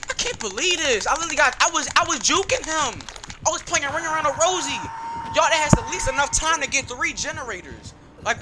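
A man giving excitable gameplay commentary, yelling and complaining in slangy talk. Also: sits high, background noise. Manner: slangy, frequent "bro". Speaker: gamer.

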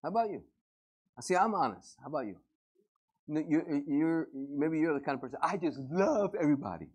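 A male pastor preaching a lively, joking sermon to a congregation and acting out everyday scenes. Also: fairly high pitch, a little fast, muffled recording. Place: church service before a congregation.

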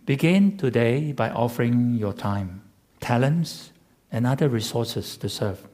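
Male preacher, sermon delivery; slow and deliberate, slightly husky, emphatic. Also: mid-range voice, animated, darkish tone. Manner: measured, emphatic, with rhetorical repetition. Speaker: pastor.

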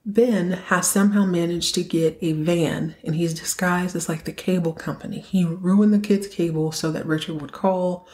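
A woman's voice: fairly low pitch, steady tone, moderate pace, hardly any pauses, a little mellow. Chatty woman joking through a recap. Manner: chatty, joking, acts out quotes. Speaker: podcast host. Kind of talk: casual recap of a TV episode.

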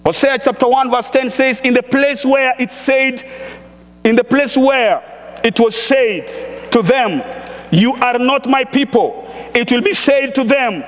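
A man with a strikingly high voice preaches a sermon, reading scripture and working up to emphatic shouts. He speaks slowly, lingering over each phrase. His voice rings through a church hall with a long, lingering reverb. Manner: emphatic, builds to shouted exhortations.

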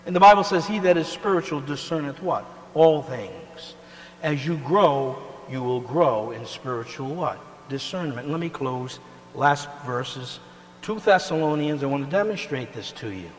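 A male pastor preaching a sermon, emphatic and swinging between loud and quiet, often pausing to ask the congregation to finish his sentences. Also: a little high, animated. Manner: call-and-response questions to the congregation. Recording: reverberant hall with mains hum.

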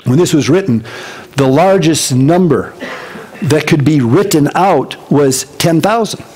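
A male pastor giving a casual Bible-teaching sermon to his congregation, animated and conversational with joking asides. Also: on the high side, a little slow, slightly rough. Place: church service before a congregation.

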